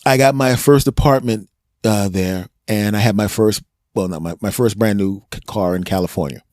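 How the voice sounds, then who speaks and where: A man with a Philadelphia accent, a comedian chatting on a podcast and telling animated stories in which he acts out other people's voices. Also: lowish voice, moderate pace, no echo, clean studio sound. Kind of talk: casual podcast chat.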